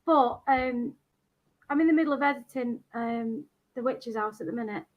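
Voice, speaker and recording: A Scottish woman guest telling a story in an animated, casual way. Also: a little high, normal speed, lo-fi sound. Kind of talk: casual chat.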